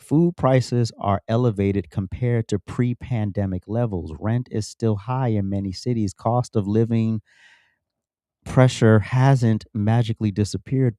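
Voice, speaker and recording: Ranting man with a mellow low voice. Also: dry recording, studio quality. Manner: emphatic, repetitive, sarcastic. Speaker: political commentary host. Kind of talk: political rant monologue.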